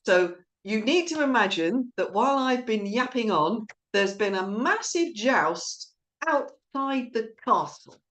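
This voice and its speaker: A woman directing and hosting an online play reading, chatting casually and rambling a little, with quick laughs between thoughts. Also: fairly high pitch, animated, a bit bright. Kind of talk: casual live-stream chat.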